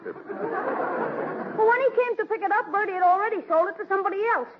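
A squeaky excitable boy. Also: a little fast, a crowd in the background. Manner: whiny, eager, slangy. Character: excitable young boy nephew. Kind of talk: 1940s radio sitcom acting. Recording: muffled old radio broadcast with faint hiss.

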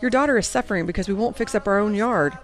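A woman's voice: mid-range voice, quick pace, soft background music, pitched above the performer's own voice, close to an everyday voice. A woman voicing a worn-out mother who speaks in a pleading, emotional way. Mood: desperate. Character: worn-out mother, tender then desperate.

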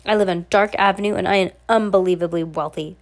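A woman's voice: medium pitch, steady tone, quick pace, lightly acted. A woman with a cold voicing a vain, wealthy guardian who talks in a haughty, bossy and impatient way. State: has a cold, scratchy throat.

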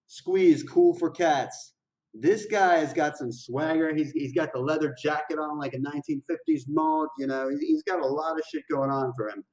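A man hosting a music reaction video, chatting casually in excited slang and often repeating his phrases. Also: fairly high pitch, normal speed, creaky, few pauses, distant mic, poor audio. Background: the song playing faintly.

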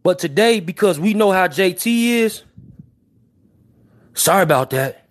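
His voice sits high, with lively intonation and a slightly slow pace. A young Chicagoan with a Chicago accent, he hosts a livestream, chatting casually in brash street slang and apologizing repeatedly to viewers.

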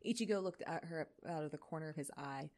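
A woman's voice: low-pitched, fast, darkish tone. Tired young woman reading aloud, chatty. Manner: chatty, many fillers, laughs often. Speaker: reader. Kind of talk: reading a fanfic aloud with casual chat.

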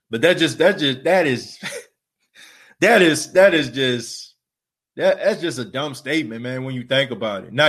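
A man's voice: medium pitch, a bit bright. A man hosting a sports podcast, ranting emphatically with repeated rhetorical questions and casual slang, tired after an overnight shift. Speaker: podcast host. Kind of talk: fired-up solo sports podcast rant.

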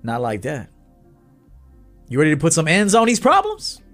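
A man's voice: a little high, huge pitch swings, normal speed, fairly bright tone, soft background music. A man, a dating coach talking bluntly and with swagger to viewers on a livestream.

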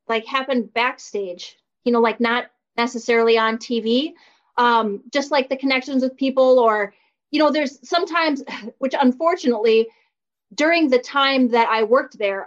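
High-voiced woman on a dull line. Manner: reflective, with soft fillers. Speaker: guest, former wrestler. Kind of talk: casual interview chat. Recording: dull lo-fi audio.

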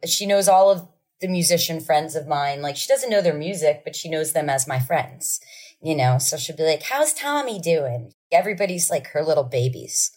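A woman musician with a deep voice tells casual stories as a podcast guest, talking a little fast. Her anecdotes are lively, and she acts out the people in them with quoted lines.

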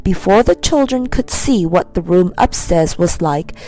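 A woman narrating a children's storybook in an expressive, animated reading. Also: fairly low pitch, measured pace. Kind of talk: scripted narration.

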